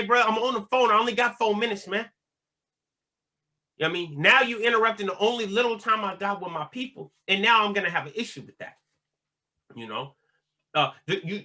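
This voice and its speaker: A man's voice: high-pitched, pushed and bright. A man telling prison stories in a laid-back, slangy way with lots of fillers. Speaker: vlogger talking about prison life. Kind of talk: casual storytelling monologue.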